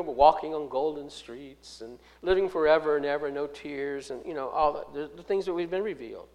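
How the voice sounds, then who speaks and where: High-voiced male preacher, emphatic. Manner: emphatic, big swings in pitch and loudness, slows on key phrases; reads scripture aloud and explains it. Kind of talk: sermon.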